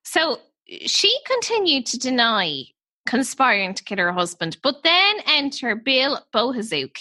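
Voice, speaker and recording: A woman co-hosting a casual true-crime podcast, her voice bright and clear, rising and falling with animated storytelling. She sounds close and dry, with no room around her. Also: high voice, unhurried, no echo. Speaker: podcast co-host.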